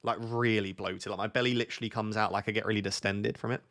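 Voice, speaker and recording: A young British man chats on a relaxed stream and reads his viewers' questions aloud. He talks fast in a lowish, fairly bright voice with fairly even intonation.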